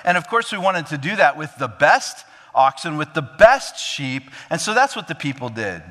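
A man's voice: on the high side, sing-song, moderate pace, bright, forceful tone, pitched above the performer's own voice. A man voicing a defensive king who shifts blame onto others, in a pleading, self-justifying manner, heard with a long hall reverb.

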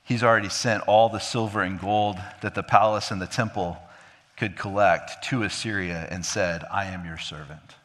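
A man preaching an expository sermon, swinging from emphatic high peaks to low, quiet drops and acting out quoted dialogue. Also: fairly even intonation, moderate pace, big-room sound. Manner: acts out quoted dialogue of God and king. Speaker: pastor.

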